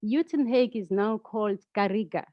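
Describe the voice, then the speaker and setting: A South African woman speaks over a video call, taking her time as she explains sounds step by step. Her voice comes through dry and a little dull. Her pitch sits in the middle range for a woman. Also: moderate pace, dry recording. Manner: patient, teaching pronunciation step by step. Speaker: guest, founder. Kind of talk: casual video call conversation.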